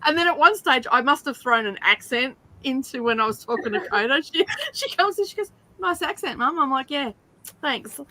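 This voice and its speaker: A middle-aged Australian woman hosts a reading stream, chatting casually and telling animated stories while frequently breaking into laughter. Her voice is high-pitched and brisk.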